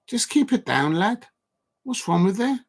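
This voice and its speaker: A middle-aged man, chatting excitedly over a live football match on his stream and reading out comments from the chat. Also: high voice, unhurried. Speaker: football watch-along streamer. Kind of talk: live watch-along commentary.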